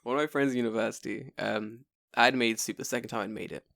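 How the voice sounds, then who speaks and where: A man's voice: mid-range voice, fast, creaky, dry recording, studio quality. A young man co-hosting a podcast, chatting casually and swearing often. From United Kingdom. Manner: animated, swears a lot, laughs often. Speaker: podcast co-host. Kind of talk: casual chat.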